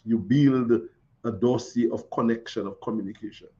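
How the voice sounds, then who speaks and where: A man with a mellow, medium-pitched voice hosts a live stream at a moderate pace, his intonation fairly even. He reads viewer comments and chats in a folksy, repetitive way, often repeating phrases. The casual talk comes through dull, lo-fi stream audio.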